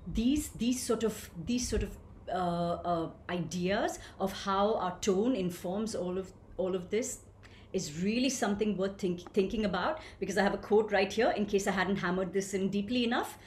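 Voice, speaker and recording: A woman leading a voice workshop for coaches, lively and questioning, answering participants by name. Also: mid-range voice, moderate pace, reverberant, slight background noise. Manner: animated, asks the group questions and answers them. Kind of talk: live online workshop teaching.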